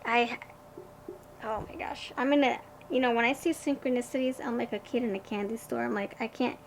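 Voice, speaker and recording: A woman giving a pick-a-card tarot reading, gushing and excited, tripping over and restarting her words, then slowing to a hushed, soothing tone for advice. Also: fairly high pitch, gravelly, a little hiss or hum, low-quality recording.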